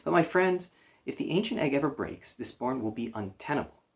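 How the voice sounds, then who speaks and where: Man doing a calm, kind lady spider. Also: medium pitch, brisk, gravelly. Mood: gentle. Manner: sweet and calm. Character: wise gentle female spider, calm and kind.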